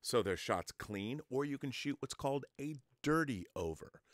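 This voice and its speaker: With a mid-range voice and lively intonation, a man speaks at normal speed in a dry, clean studio recording. As host of an online show, he explains film-making straight to the viewer, mixing a lecturing, conversational style with examples.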